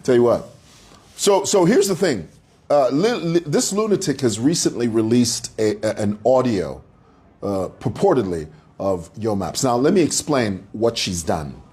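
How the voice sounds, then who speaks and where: A man's voice: mid-range voice, darkish tone. Combative man ranting to his viewers. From Zambia. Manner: combative, mocking, preacher-like address to viewers. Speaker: commentary channel host. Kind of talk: opinionated commentary monologue.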